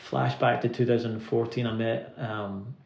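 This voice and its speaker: Gravelly Scottish man telling stories. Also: medium pitch, fairly even intonation, darkish tone. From Scotland. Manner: rambling anecdotes full of "like" fillers, quick to laugh. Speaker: guest musician. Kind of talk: casual storytelling interview. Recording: roomy, slightly dull recording.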